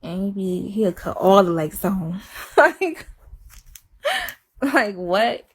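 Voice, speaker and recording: A young woman, chatting casually on a live stream, rambling and repeating herself, dipping to a hush and then rising into giggly high exclamations. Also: animated, slow, breathy edge. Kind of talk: casual confessional chat. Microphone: phone.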